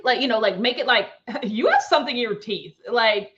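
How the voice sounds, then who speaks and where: A woman hosting a livestream, chatting in an animated way and reading out viewer comments. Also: a little high, brisk. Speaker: livestream host. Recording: dull lo-fi stream audio.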